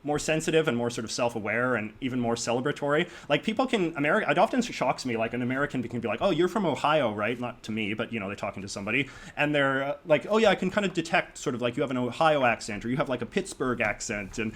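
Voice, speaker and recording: A man with a Canadian accent chats as a podcast guest, his words tumbling out at a very quick clip. He speaks at a mid-range pitch and leans heavily on "like" and "you know" as he works through his thoughts. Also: animated, a bit bright. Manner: rapid, talkative, peppered with 'like' and 'you know'. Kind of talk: casual conversation.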